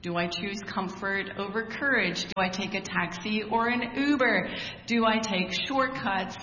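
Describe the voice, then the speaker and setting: A woman's voice: mid-range voice, measured pace, pushed and bright, slight background noise. A woman preacher giving a conversational sermon, opening with a prayer and asking rhetorical questions. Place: church hall. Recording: echoey hall, dull sound.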